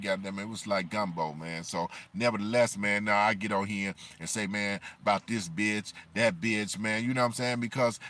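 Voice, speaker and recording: A man rants on a livestream in a loose, rambling flow. His talk is profane and packed with filler phrases, and his pitch sits in an ordinary middle range. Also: fairly bright tone. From Chicago, USA. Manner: rambling, profane, constant "you know what I'm saying" fillers. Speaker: livestream commentator. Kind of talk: unscripted livestream rant.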